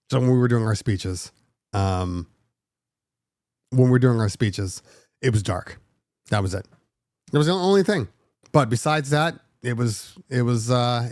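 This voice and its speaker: A man's voice: medium pitch, no echo. Middle-aged male podcast host, dry close sound. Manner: animated, emotional retelling with many fillers. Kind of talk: casual storytelling.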